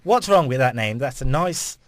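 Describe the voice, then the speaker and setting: A man's voice: mid-range voice, lively intonation, normal speed, no room sound. Jokey man hosting a podcast. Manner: jokey, steers the segments, laughs often. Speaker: podcast host. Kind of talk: casual football chat.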